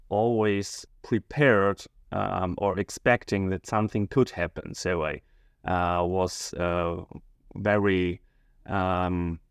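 A male schoolteacher answering interview questions hesitantly, often pausing and searching for words. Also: low-pitched, vocal fry, smooth, no room sound, studio quality. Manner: hesitant, many fillers and restarts, searching for words.

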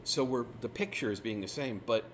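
A man teaching through a Bible passage in a relaxed, conversational way, retelling the scenes with lively asides. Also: medium pitch, brisk, a little hiss or hum. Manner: casual, animated retelling of scripture scenes.

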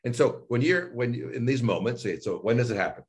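This man's voice sits at medium pitch and moves fairly quickly. He's a voice and speech coach being interviewed, animatedly walking through his sessions by playing both himself and a client.

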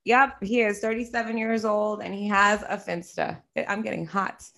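A young woman in casual chat, telling a story with animated quoting and frequent swearing. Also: mid-range voice, normal speed, gravelly.

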